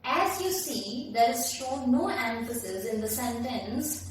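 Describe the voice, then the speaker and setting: Lady teacher, higher voice, really echoey room, mic's far away. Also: slow, slight background noise. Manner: explanatory, emphatic teaching delivery. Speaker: English teacher. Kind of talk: classroom lesson.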